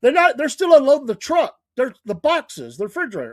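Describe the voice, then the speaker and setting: A man's voice: very high voice, wildly swooping pitch, a little fast, hardly any pauses, dry recording, clean studio sound. A man from the United States casually telling childhood neighborhood stories, laughing often and acting out the voices of people he quotes. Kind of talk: casual storytelling.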